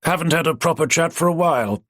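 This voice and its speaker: A man's voice: on the high side, quick pace, fairly bright tone, no echo, studio quality, pitched above the performer's own voice, close to an everyday voice. A man voicing a nosy, mischievous middle-aged man who keeps prying.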